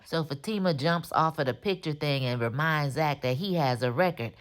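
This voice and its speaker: A woman's voice: low voice, moderate pace, few pauses. A woman recapping a TV episode in casual, slangy talk. She is opinionated and scolds the characters directly. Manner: opinionated, talks straight at the characters; slangy, informal. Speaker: TV recap host.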